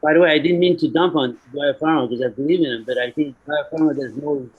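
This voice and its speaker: A man's voice: on the high side, fast, slightly rough. A man speaking as a panelist, opinionated and blunt in his points. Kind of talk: panel discussion. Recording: dull lo-fi audio.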